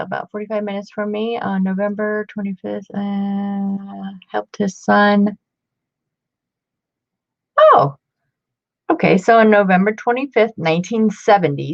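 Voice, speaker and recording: A woman in her fifties, chatty and excitable, showing off old books in a casual vlog. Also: mid-range voice, normal speed, creaky. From Ohio. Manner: chatty, excitable, muttering asides. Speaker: book collector vlogger. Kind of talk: casual show-and-tell. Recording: dull lo-fi home recording.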